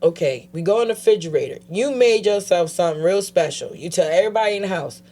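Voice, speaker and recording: A woman guest telling her personal story in a casual interview, animatedly acting out other people's voices and dropping quiet when she turns serious. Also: on the low side, fast. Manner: animated, acts out quoted voices. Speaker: guest, advocate.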